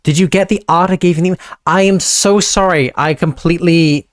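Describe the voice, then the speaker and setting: Here a young streamer talks at normal speed in a high, steady voice, with no echo and studio-quality audio. Loose and rambling, he interrupts himself constantly and thanks his viewers fondly, clutching a handheld mic in an awkward way.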